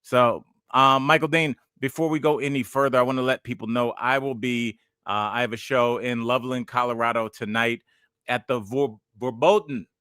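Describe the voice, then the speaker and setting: A man's voice: mid-range voice, fairly even intonation, normal speed, pushed and bright, clean tone, dry recording, clean studio sound. A man in his forties, a podcast host and stand-up comedian, chatting casually and telling rambling, digressive stories.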